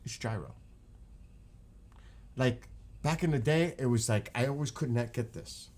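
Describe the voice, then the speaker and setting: A man's voice: mid-range voice, normal speed, a little mellow. A man with a New York accent, chatting casually on his live stream, rambling and joking.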